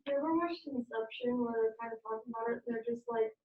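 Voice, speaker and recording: A teenage girl student joining a class discussion, animated as she retells a scene. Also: a little high, fast, creaky. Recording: distant, tinny and roomy.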